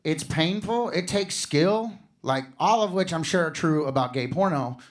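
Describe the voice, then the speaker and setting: High-voiced animated stand-up comedian man. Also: moderate pace. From Missouri, USA. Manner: animated, slips into loud mock voices for bits. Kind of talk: stand-up set.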